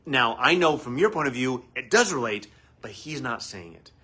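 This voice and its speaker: A man hosting a live advice talk as a family therapist, animated and acting out quoted voices. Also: mid-range voice, moderate pace, breathy edge.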